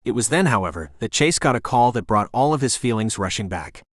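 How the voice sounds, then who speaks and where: A man narrating an audiobook in a steady, even storytelling manner. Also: mid-range voice, fairly quick, no echo, studio quality. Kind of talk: scripted narration.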